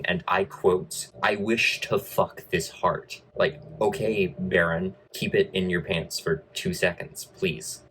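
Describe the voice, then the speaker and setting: A man's voice: sits low, fairly bright tone, husky, poor audio. A man giving a casual film review with wry, sarcastic asides.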